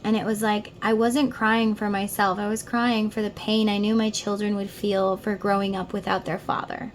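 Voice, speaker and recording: A woman's voice: mid-range voice, level tone, normal speed, a little hiss or hum. A middle-aged woman giving a casual tarot reading, talking earnestly and straight to the listener. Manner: earnest, heartfelt, addresses the listener directly. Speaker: tarot reader.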